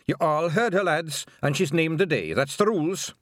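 A man's voice: on the high side, big pitch swings, moderate pace, no echo, studio quality, pitched above the performer's own voice. A man reading aloud, voicing a small, blustering male pixie chief with a Scottish accent. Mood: triumphant. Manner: blustering and quavering.

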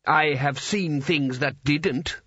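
A man reading aloud, voicing a suspicious old wizard who blusters loudly and gets flustered. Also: on the high side, sing-song, unhurried, breathy edge, dry recording, lo-fi sound, voice pushed up, full character voice. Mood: blustering.

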